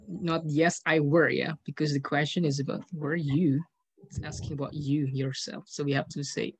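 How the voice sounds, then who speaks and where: A man's voice: fairly high pitch, flat delivery, moderate pace, slightly rough. A man with an Indonesian accent teaching an English class over a video call, patiently calling on pupils and explaining grammar step by step. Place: online meeting from home.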